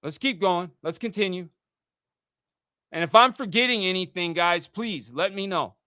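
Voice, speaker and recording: A man's voice: high-pitched, lively intonation, moderate pace, pushed and bright, smooth, no echo, clean studio sound. A man hosting a livestream, reading out text messages and ranting indignantly with frequent swearing. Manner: indignant, profane, reads texts aloud. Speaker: livestream host. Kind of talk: casual livestream rant.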